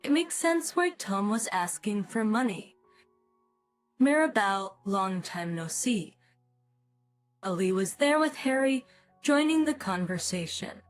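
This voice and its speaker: A woman in her fifties narrating a first-person family story in a calm, matter-of-fact way. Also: mid-range voice, a little slow. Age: 50s. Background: faint background music.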